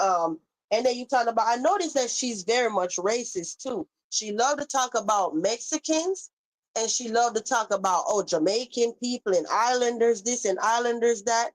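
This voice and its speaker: A woman's voice: on the high side, rough recording. A woman with a Caribbean accent, hosting a heated live stream, reading chat comments aloud and scolding someone in a sassy way. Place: home.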